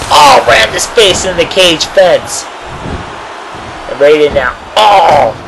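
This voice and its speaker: A man giving excited amateur play-by-play commentary on a cage wrestling match, bursting out with "oh" and "oh man" throughout. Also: fairly high pitch, background noise. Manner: excitable, frequent oh and oh man exclamations.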